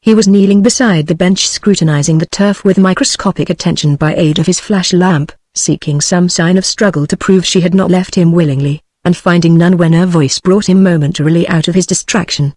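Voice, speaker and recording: A text-to-speech woman's voice with a British English accent reading a novel aloud in an even, synthetic way, sometimes voicing the punctuation. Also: on the low side, fairly quick, few pauses, no echo. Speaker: audiobook narrator.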